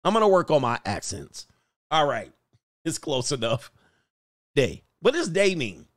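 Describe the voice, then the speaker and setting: A man's voice: on the high side, very animated, unhurried, no echo, studio quality. A man hosting a casual livestream, joking and rambling and often laughing as he talks. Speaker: host.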